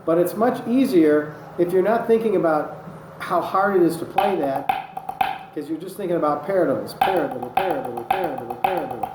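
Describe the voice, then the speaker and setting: A man's voice: sits high, normal speed, loud music behind the voice. A man teaching drumming technique, patient and methodical, calling out strokes as he demonstrates them. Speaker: drum instructor. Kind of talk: instructional demonstration. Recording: echoey room with loud noise. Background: drumming on a practice surface.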